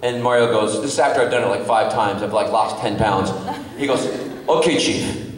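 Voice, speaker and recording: A man, an actor guest on a convention panel, telling an animated story to a crowd with lots of laughing and fillers. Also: on the low side, fairly quick. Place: convention hall panel room. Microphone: distant from the recording mic. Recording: echoey hall from far off.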